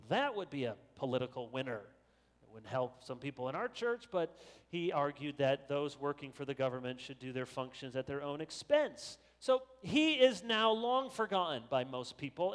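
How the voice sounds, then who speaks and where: Preaching man in a reverberant church. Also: a little high. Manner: measured preaching, slows to stress key phrases. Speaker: pastor. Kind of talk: sermon.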